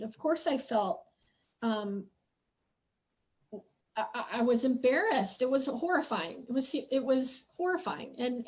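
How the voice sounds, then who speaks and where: A woman podcast host and spiritual teacher telling a personal story in an earnest, reflective monologue. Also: sits high.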